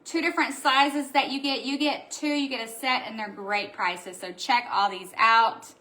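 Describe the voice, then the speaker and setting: A woman's voice: fairly high pitch, steady tone, moderate pace, bright, forceful tone. Gushing woman hosting a live show. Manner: gushing, chatty, reads out viewer comments. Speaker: host of a live craft supply show. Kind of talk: casual live-stream product showcase. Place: indoor room at home.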